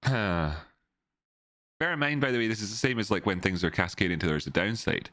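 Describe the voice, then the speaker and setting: Rambling deep-voiced man. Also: lively intonation, fairly quick, a bit bright, no room sound, studio quality. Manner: rambling, repeats words, chats with viewers. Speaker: livestream market analyst. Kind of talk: casual live-stream chart analysis. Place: home.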